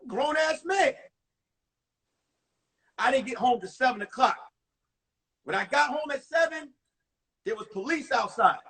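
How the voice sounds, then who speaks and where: A male comedian telling animated stories from high school in a one-man show on a livestream. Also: moderate pace, creaky, long pauses, breathy edge. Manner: animated, acts out voices. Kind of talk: stand-up storytelling. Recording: distant mic on a phone livestream.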